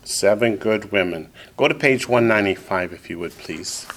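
A male teacher with a somewhat low-pitched voice leads a classroom lesson. He echoes each student's answer back to them, then explains the point patiently and step by step. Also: moderate pace, fairly bright tone, slight background noise. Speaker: Hebrew teacher.

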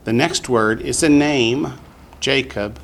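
A man teaching a Hebrew vocabulary lesson to a class, patient and slow, repeating each word for the students. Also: medium pitch, creaky.

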